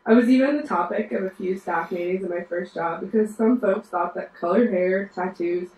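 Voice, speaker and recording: A woman's voice: mid-range voice, normal speed, darkish tone. A woman in her mid-twenties from West Virginia with a Southern accent, telling a wry, sassy story on stage. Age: mid-20s. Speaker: storyteller, nurse. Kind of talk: live storytelling performance. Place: live storytelling show at a bar venue. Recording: roomy live venue, mic far off.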